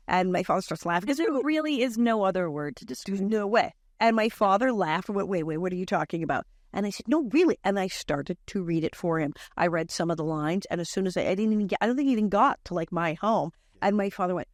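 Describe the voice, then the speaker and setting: Animated older woman telling stories. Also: mid-range voice, quick pace, no room sound, clean studio sound. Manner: animated, acts out voices in quoted lines, laughs often. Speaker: guest, former child actress. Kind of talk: casual podcast storytelling.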